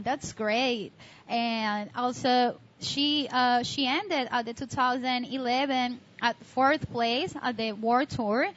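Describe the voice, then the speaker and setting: A woman co-commentating live at a contest, enthusiastic and with halting second-language phrasing. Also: high voice, a bit bright. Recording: dull lo-fi audio with faint noise.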